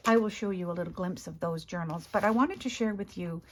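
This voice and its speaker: A woman with a hoarse morning voice, chatting casually as she shows her craft work, often clearing her throat and correcting herself. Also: on the low side, fairly quick, a little hiss or hum. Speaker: craft video host. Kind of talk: casual crafting show-and-tell.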